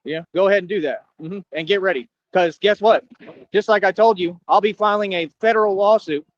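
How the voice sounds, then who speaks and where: A man with a high voice talks fairly quickly in a combative streamer rant, bragging about himself and jeering at his listeners. The sound quality is dull and lo-fi.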